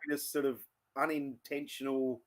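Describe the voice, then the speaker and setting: A man's voice: mid-range voice, little pitch movement, normal speed. An Australian man co-hosting a casual whisky tasting chat, thoughtful and trailing off mid-sentence. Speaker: whisky show co-host.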